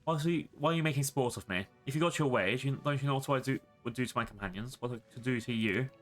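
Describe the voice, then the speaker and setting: A man's voice: mid-range voice, quick pace, soft background music, lightly acted. A man voicing a female succubus who answers warily and defensively.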